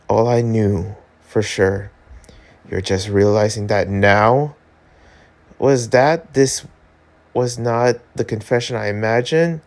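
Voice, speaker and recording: A young man reading a romance webtoon aloud, slow and reflective, breaking off now and then to react casually. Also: fairly low pitch, fairly even intonation, a little mellow. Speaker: webtoon reader.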